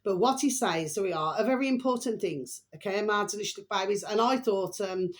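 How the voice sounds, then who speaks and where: A woman's voice: medium pitch, a little fast. A woman hosting her own vlog, talking in a rambling, chatty way, often breaking off to apologize and to repeat a fond pet phrase to her viewers. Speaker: channel host. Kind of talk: rambling casual vlog chat.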